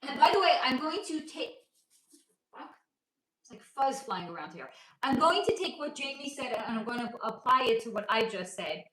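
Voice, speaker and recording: High-voiced chatty woman in echoey room. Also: lively intonation, moderate pace, fairly bright tone, slight background noise. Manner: chatty and playful, laughs often, teasing. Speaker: livestream host and spiritual reader. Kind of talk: casual livestream chat, answering viewer comments. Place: at home with her child nearby.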